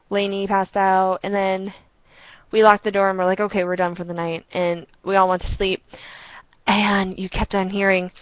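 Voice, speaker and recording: Rambling, excitable young woman on a headset. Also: medium pitch, dry recording, dull audio. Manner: rambling, excitable, laughs at own stories. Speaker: storyteller chatting with a friend. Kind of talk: casual storytelling chat. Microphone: earpiece headset.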